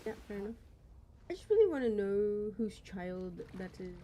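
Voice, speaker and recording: A young woman streaming a horror game, rambling nervously to herself and quickly tipping into panic. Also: mid-range voice, big pitch swings, background noise. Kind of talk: gaming stream commentary.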